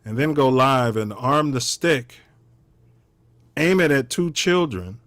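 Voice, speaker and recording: A man hosting a talk show, explaining a video clip with measured, indignant commentary. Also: medium pitch, expressive, fairly bright tone, no room sound. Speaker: show host.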